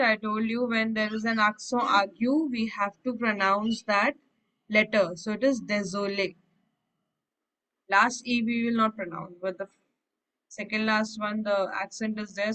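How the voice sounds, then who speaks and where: A woman with a slightly high voice runs a language lesson. She reads a French phrase and then explains it in plain English, one step at a time, in a patient teaching tone. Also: fairly bright tone, poor audio. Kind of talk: online language class explanation.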